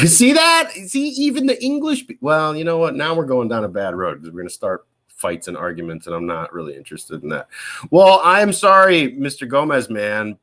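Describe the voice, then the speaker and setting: A man's voice: lowish voice, sharp tone. Chatty man rambling casually. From United States. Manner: rambling, self-correcting, chatty. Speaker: host answering viewer questions. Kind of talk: casual live Q&A chat.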